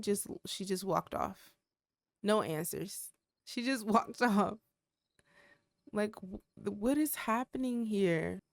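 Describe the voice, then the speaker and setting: A woman's voice: mid-range voice, takes it slowly, gravelly, long pauses. Chatty woman giving let's play commentary. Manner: chatty and exclamatory, talks to viewers as y'all. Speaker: gaming channel host.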